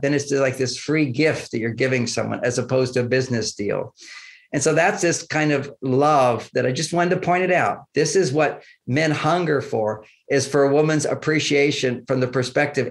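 A man with a gravelly, mid-range voice talks at a moderate pace as an interview guest. He tells relaxed stories about his relationships, acting out quoted exchanges and chuckling regularly.

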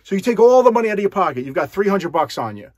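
A man walks the viewer through a card scam in a chatty, direct way. His voice is slightly high with a husky edge, and the sound is dry and close. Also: big pitch swings, rapid-fire, darkish tone, no echo. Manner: conversational, addresses the viewer directly. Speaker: magician explaining a con. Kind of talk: explanatory talk to camera.

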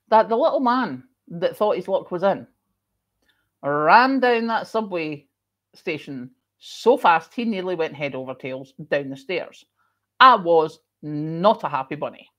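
A middle-aged woman with a Scottish accent, hosting a casual chat and telling stories in an expressive way, with emphatic repeats. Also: fairly low pitch, slow pace, pauses often. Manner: chatty and expressive, with emphatic repetition. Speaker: host.

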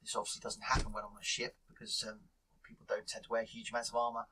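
A man's voice: lowish voice, completely flat delivery, quick pace, noisy background. A man playing at a tabletop game, speaking in character in a hesitant, mock-formal way. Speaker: player.

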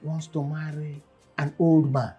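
Scheming mom, low dark raspy voice, music faintly behind. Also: female voice, level tone, a little slow, heavily acted. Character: calculating Nigerian mother, curious about money. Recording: film sound with faint music.

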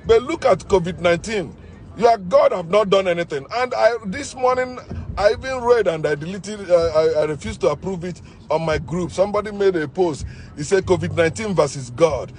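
A man's voice: sits high, darkish tone. A man delivering a combative, scornful monologue, repeating his points as he argues. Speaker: online commentator. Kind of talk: ranting monologue.

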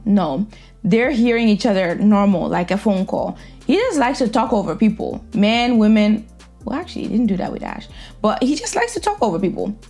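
A woman's voice: fairly high pitch, a little mellow. Opinionated woman giving blunt commentary. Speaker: reaction vlogger. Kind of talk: casual commentary.

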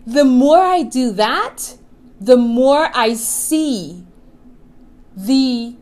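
A middle-aged woman with a fairly high voice gives an earnest motivational talk to her viewers. She is emphatic and drawls out the words she wants to stress. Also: a little mellow. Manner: earnest, emphatic, slows down on key phrases. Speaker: law of attraction coach and show host.

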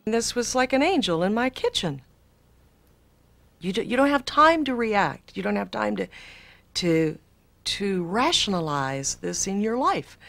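A woman's voice: mid-range voice, sing-song, unhurried, gravelly, a bit bright. A woman in an archive interview, telling her story with breathless wonder.

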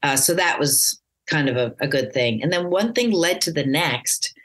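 Middle-aged american woman, really low voice, chatty and rambly, lots of ums. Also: lively intonation, moderate pace, breathy edge. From United States. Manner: rambling, warm storytelling with many fillers and restarts. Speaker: actress guest. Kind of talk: casual interview chat.

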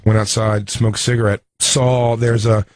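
A man's voice: lowish voice, little pitch movement, normal speed, dry recording. A man co-hosting a comedy podcast, telling stories in a rambling, casual way. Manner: rambling, full of restarts and fillers. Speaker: podcast co-host.

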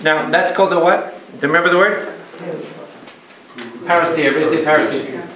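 A man, a priest leading a Bible study, teaching in a lively way, asking the audience questions and acting out the people he quotes. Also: fairly high pitch, quick pace, crowd noise. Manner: animated, asks the audience questions, plays out quoted voices. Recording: echoey hall with live audience. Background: audience murmurs and responses.

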